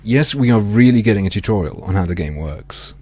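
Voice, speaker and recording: A man streaming a video game, reading its text aloud in a mock-dramatic way with sardonic, swearing asides, his throat strained and often cleared. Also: on the low side, dark tone. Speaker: gaming streamer.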